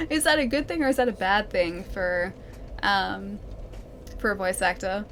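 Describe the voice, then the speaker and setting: A woman's voice: mid-range voice, measured pace, a bit bright, slight background noise. Giggly Australian woman streamer. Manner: chatty, giggly, talks to chat while playing. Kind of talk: let's play commentary.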